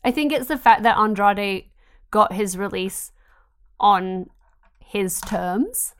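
A woman's voice: medium pitch, expressive, a little slow. A woman co-hosting a wrestling chat podcast, talking in an emphatic, incredulous way. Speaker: podcast co-host. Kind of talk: casual chat.

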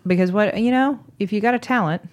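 A woman's voice: medium pitch, fast, a little mellow. Woman, podcast host, casual storytelling, giggly, amused.

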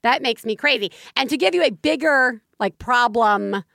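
A woman's voice: normal speed, gravelly, no room sound, studio quality. A woman co-hosting a podcast, telling a parenting story in casual chat, her voice leaping up when she gets exasperated. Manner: animated storytelling, voice jumps high when exasperated. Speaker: podcast co-host.

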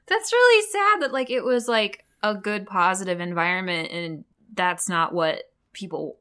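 A woman's voice: mid-range voice, animated, unhurried, bright, forceful tone. A woman co-hosting a podcast in casual chat, playful and laughing often. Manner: giggly, playful. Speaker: podcast co-host.

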